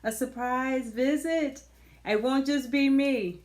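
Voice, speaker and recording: A woman's voice: high voice, takes it slowly, a little mellow. A woman hosting her own online talk show, speaking to viewers in a soothing, heartfelt, encouraging way. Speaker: host.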